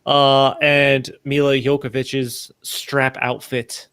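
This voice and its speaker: A man's voice: mid-range voice, little pitch movement, slow, fairly bright tone, clean tone, no room sound. A man in his thirties co-hosting a casual movie review chat, rambling with many restarts. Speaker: podcast co-host.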